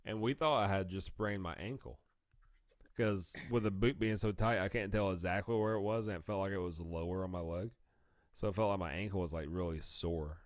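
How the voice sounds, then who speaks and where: A man's voice: sits low, normal speed, dry recording, studio quality. A man, co-hosting a podcast and telling a story in casual chat, laughing as he talks and acting out the people he quotes. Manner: laughs through his stories, acts out quoted people. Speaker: podcast co-host.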